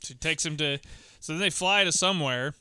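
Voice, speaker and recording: A man co-hosting a casual movie podcast, retelling scenes in a halting, rambling way. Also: a little high, pushed and bright, slight background noise. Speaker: podcast co-host. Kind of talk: casual movie-review chat.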